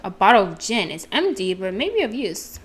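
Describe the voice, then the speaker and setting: A woman's voice: medium pitch, sing-song, moderate pace, a little hiss or hum. A woman streaming a game, reading its text aloud and chatting with self-deprecating asides. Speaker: gameplay streamer. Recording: game music playing behind.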